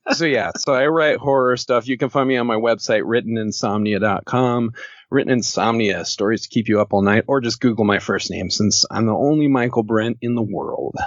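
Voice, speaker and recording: A man's voice: medium pitch, moderate pace, dry recording. A man talking casually as a podcast guest, joking and rambling and laughing often. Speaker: podcast guest, horror author. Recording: dull lo-fi podcast audio.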